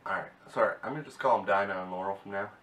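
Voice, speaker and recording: Man, very deep voice, rambling episode recap, keeps correcting himself, roomy echo, mic at a distance. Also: quick pace, a bit bright. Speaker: TV episode reviewer. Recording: echoey room, mic set back, faint hiss.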